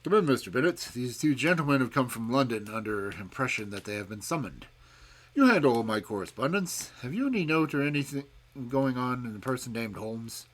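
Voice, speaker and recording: A man's voice: medium pitch, expressive, fairly quick. Man doing a malicious, angry old professor. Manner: loud, sharp and angry. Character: irritable elderly male professor, malicious.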